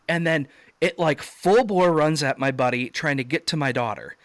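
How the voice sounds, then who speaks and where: Telling a story as a guest in a relaxed video-call interview, this man performs quoted shouts by suddenly jumping up in pitch. He speaks at a moderate pace, and there's no echo.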